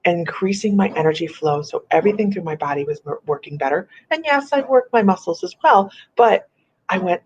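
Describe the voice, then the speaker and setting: A woman hosting a casual live-stream chat as a psychic medium, chatty and animated, laughing often. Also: fairly low pitch, brisk, a little hiss or hum. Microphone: computer or phone on a live video stream. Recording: muffled lo-fi stream audio.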